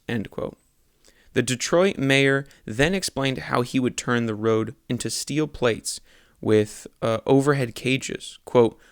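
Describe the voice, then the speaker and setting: A young man reading his own satirical newspaper articles aloud in a deadpan voice, stopping to correct his slips and swearing at them. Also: mid-range voice, smooth, dry recording, studio quality. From Texas. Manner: self-correcting reader who swears at his own mistakes.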